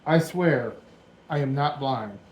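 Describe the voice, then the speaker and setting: A man's voice: mid-range voice, slow pace, a little mellow, low-quality recording. A man in his forties giving casual, rambling commentary while he builds a Lego set at home, thinking aloud as he goes. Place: dim room at home.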